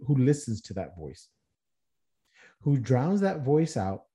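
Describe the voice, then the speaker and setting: In a mid-range, dark-toned voice, this man hosts a podcast as an earnest motivational speaker, posing rhetorical questions and frequently starting over mid-thought.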